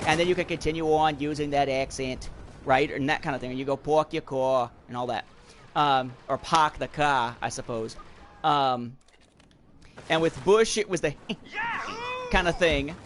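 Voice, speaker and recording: A man in his thirties with a slightly high voice hosts a livestream podcast at a moderate pace, rambling to viewers in casual chat as he plays a shooter game. Loud shooter game audio fills the background.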